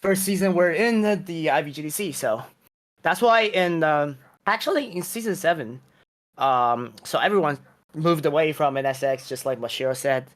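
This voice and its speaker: A man's voice: a little high, expressive, normal speed, a bit bright. A man chatting on a casual podcast about racing games, rambling, correcting himself and laughing at his own choices. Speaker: vtuber racing club member.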